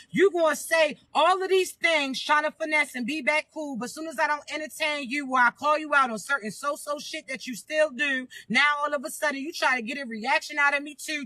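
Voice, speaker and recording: A woman with a high, bright and cutting voice talks straight to her viewers in a casual spiritual reading. She preaches emphatically, keeps hitting them with rhetorical questions and swears without holding back. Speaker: spiritual reader addressing viewers.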